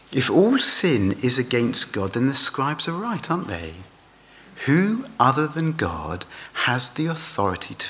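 A man's voice: medium pitch, sharp tone. A man preaching a sermon, asking his listeners rhetorical questions.

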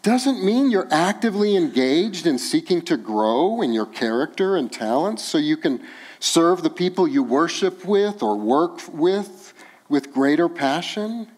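A male pastor delivering a sermon in an easygoing, conversational way. He mixes in light self-deprecating humor while keeping a steady, mid-range voice. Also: mid-range voice.

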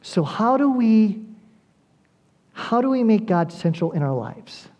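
An earnest preacher delivering a sermon in a mellow, warm-toned voice. The delivery speaks straight to the listeners and builds to emphatic appeals through repetition. Pitch sits in a middle register. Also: very animated, unhurried. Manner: addresses listeners directly. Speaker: pastor.

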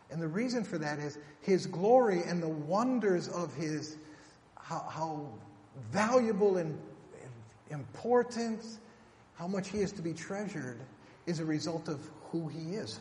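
A man's voice: fairly high pitch, darkish tone. Emphatic male pastor in an echoey hall. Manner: emphatic, rhetorical questions, slows for scripture. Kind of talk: sermon. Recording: echoey hall, faint room noise.

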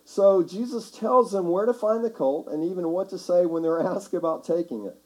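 A man preaching a sermon as pastor, talking conversationally and building to shouts for emphasis. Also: high voice, normal speed, rough recording. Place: church sanctuary.

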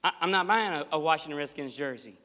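A male pastor preaches in a somewhat high, bright and forceful voice, passionate and emphatic, slipping in folksy asides. His sermon rings out in a church hall with a long, echoing reverb. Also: lively intonation, fast. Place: church sanctuary.

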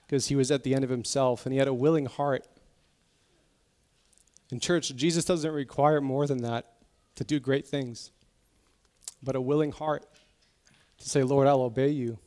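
A man pastor giving a sermon in a conversational, emotional way, sometimes dropping to soft, intense tones. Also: medium pitch, steady tone, normal speed, long pauses. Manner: conversational preaching, acts out quoted voices.

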